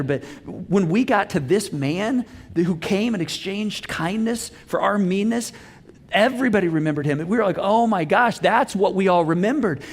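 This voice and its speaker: A man preaching a sermon as pastor, telling a personal story with lively acted-out dialogue. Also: fairly high pitch, big-room sound. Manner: animated storytelling, acts out dialogue. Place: church auditorium.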